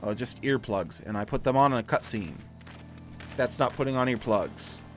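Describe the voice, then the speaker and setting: A man's voice: mid-range voice, normal speed. A man giving casual let's play commentary with self-mocking, wry asides. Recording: faint game music behind.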